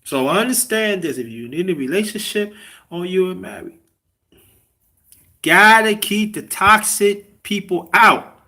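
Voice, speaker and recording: High, bright-voiced man preaching on a livestream. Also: a little slow. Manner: preachy, drops to whispers for emphasis. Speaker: livestream host. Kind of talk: casual livestream commentary.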